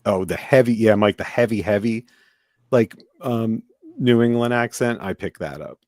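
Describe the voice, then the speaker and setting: Fairly low in pitch and a little mellow, this American podcast host speaks at a moderate pace in casual chat, rambling with lots of fillers and false starts. The sound is studio quality, with no room sound.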